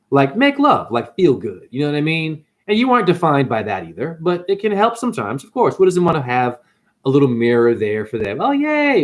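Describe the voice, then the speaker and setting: A man telling a story in a casual, ranting monologue, with big swings in pitch as he goes. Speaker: spiritual vlogger.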